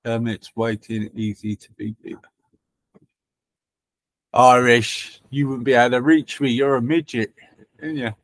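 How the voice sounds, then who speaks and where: A man's voice: mid-range voice, steady tone, a little slow, pauses often, no echo. A man hosting a livestream, chatting casually and teasing viewers with banter and swearing. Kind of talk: casual chat.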